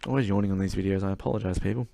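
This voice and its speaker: A young man giving casual, chatty commentary over his racing game career, swearing now and then and getting excited at the starts. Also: low-pitched, very fast, vocal fry, no echo, clean studio sound. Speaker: gaming channel host. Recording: game engine noise behind voice.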